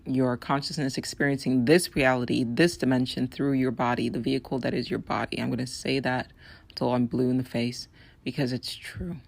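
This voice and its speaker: A woman hosting a solo podcast, talking in an earnest, persuasive way with a raspy, hoarse voice. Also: a bass voice, little pitch movement, brisk, a little mellow, no echo. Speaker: podcast host.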